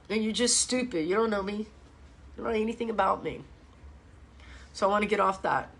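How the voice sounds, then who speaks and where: A woman's voice: medium pitch, fairly quick. A middle-aged woman from hosts a live-stream chat, talking bluntly, swearing often and ranting with strong feeling. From Miami, USA. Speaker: fitness host.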